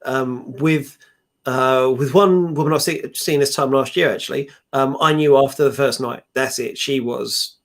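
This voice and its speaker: A man's voice: mid-range voice, steady tone, moderate pace, gravelly. Wisecracking podcast guest, a man. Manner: teasing, dry wisecracks. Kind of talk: casual chat.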